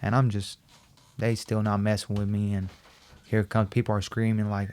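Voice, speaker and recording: A man with a somewhat low voice speaks as a guest on a podcast interview. He tells a personal story in an animated way, often repeating himself and acting out the lines of other people. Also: normal speed, clean tone. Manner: animated, acts out quoted dialogue, repeats himself.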